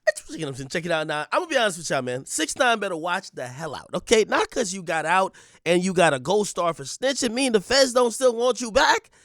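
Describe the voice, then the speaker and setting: A male host gives a blunt commentary monologue. His pitch rides high for a man and swings a lot as he presses his points. The sound is dry and close. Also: sing-song, a little fast, fairly bright tone, no room sound. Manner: blunt, emphatic, talks straight to viewers.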